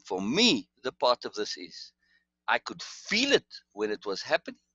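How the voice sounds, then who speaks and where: Lively rambling man telling a story. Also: mid-range voice, normal speed, slightly rough, no echo, dull audio. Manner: rambling, frequent restarts and asides. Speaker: guest storyteller. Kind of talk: casual storytelling in conversation.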